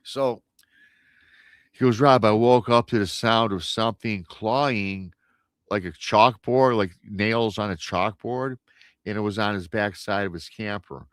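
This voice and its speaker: A low-pitched man spins a creepy encounter tale in an easy, chatty way, jumping into the voices of the people in it and tripping over his own restarts. His voice sits close and dry on the mic, with no room sound around it. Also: a little slow, clean tone, no echo. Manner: animated storyteller, acts out quoted voices, many restarts. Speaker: guest storyteller on a paranormal radio show. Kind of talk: casual retelling of an encounter story.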